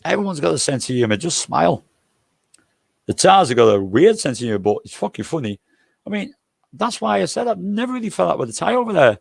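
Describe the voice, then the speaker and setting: A man's voice: fairly high pitch, sing-song, fast talker, vocal fry, no echo, studio quality. An older man hosting a livestream, telling rambling, jokey anecdotes and swearing freely. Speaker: livestream host.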